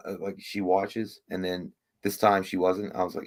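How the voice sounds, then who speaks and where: Laid-back low-voiced joking man. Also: little pitch movement, a little fast, few pauses. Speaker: podcast co-host. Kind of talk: casual livestream chat.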